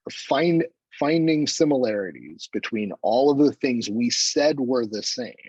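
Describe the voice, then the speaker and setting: A man lecturing at a university seminar, talking through his research in a loose, conversational manner with wry asides about himself. His voice has a slightly husky edge. The recording is dry and a little dull. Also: mid-range voice, no room sound. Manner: relaxed, conversational, with self-deprecating asides and fillers. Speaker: chemistry lecturer. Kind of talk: academic seminar talk.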